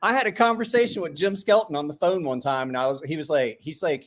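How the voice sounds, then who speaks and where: A middle-aged man from a small rural town, hosting and telling profane, animated stories in casual chat. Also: on the high side, fast talker. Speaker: host.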